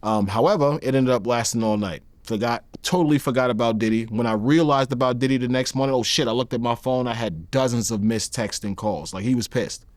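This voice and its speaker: A man in his thirties, talking as a guest in a close, dry studio sound. He tells his story in a lively, candid way, slipping into the voices of the people he quotes. His pitch sits in the middle for a man. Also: brisk, few pauses, no room sound. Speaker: interview guest.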